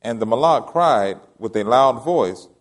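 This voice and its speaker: A man reading scripture aloud to a congregation, steady and plain, with a few small restarts. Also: mid-range voice, unhurried.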